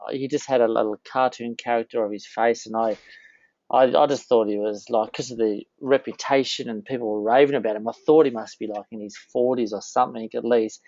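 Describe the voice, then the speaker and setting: A man's voice: medium pitch, fairly even intonation, brisk, a little mellow, no room sound. Australian male host, enthusiastic and chatty, dry muffled call audio. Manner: enthusiastic, many fillers, laughs often. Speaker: interview host. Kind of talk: casual interview chat.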